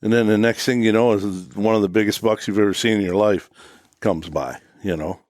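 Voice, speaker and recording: A man from Michigan talking casually about a hunting trip in a relaxed, rambling way full of fillers. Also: lowish voice, a little fast, dry recording, studio quality. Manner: relaxed, rambling, many "you know" fillers. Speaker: guest hunter.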